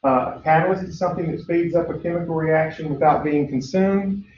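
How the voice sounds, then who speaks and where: A man with a somewhat high voice gives a chatty lecture, full of "uh" fillers and easy asides. The sound is roomy and echoey, with a dull lo-fi quality and a faint hiss behind it. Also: a little fast, a little mellow, distant mic. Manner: chatty, lots of "uh" fillers, acts out story voices. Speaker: teacher. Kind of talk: recorded biology lecture.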